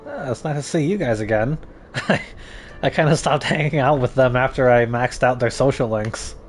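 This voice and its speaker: A man's voice: medium pitch, moderate pace. Chatty young man streaming a game. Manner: chatty, joking, reads game text aloud. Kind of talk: casual let's-play commentary.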